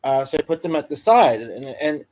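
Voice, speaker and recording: A man's voice: fairly high pitch, big pitch swings, fairly quick, darkish tone. Rambling man chatting on a livestream. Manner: meandering, full of fillers and restarts. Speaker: livestream host. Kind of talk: rambling casual livestream chat.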